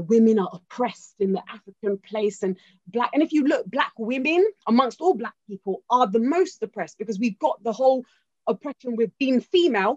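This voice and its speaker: A woman's voice: a little high, no echo. A woman giving an informal history talk in an emphatic way, often checking in with her listeners. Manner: emphatic, keeps checking in with "okay?". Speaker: speaker. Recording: dull lo-fi dry recording.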